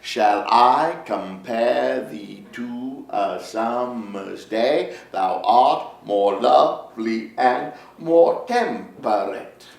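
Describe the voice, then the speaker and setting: An actor playing a wistful, lovestruck 52-year-old playwright in a one-man stage monologue, reminiscing with animated storytelling. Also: mid-range voice, very slow, gravelly, few pauses. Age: 50s. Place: theater stage. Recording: roomy stage sound from a far camera with faint noise.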